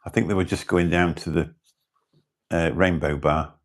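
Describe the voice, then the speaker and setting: A man's voice: low voice, fairly even intonation, moderate pace. A British man hosting a livestream, chatting casually and rambling as he greets viewers in the chat. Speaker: livestream host.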